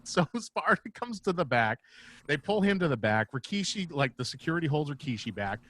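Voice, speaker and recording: A man's voice: fairly high pitch, sing-song, a little fast, a bit bright. A man guest, a comedian and former wrestler, telling rambling, profane stories casually over a video call. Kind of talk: casual storytelling.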